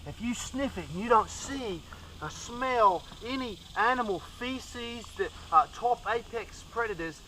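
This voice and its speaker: Young male comic host, high voice, overblown earnest survival-show patter, faint insect hum outdoors. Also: expressive, unhurried, bright, forceful tone, recorded from a distance, rough recording. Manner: over-earnest, fake-dramatic enthusiasm about silly gear. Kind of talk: mock-serious comedy survival presenting.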